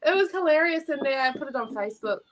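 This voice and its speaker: A woman's voice: high-pitched, fast talker, crowd noise. An Australian woman from Queensland, co-hosting a casual craft chat and telling stories with frequent giggles. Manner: giggly, expressive storyteller. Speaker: co-host.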